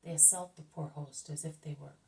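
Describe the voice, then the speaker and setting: A woman reading a religious book aloud in a steady, measured way. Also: low-pitched, vocal fry, far from the mic, low-quality recording. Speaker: reader.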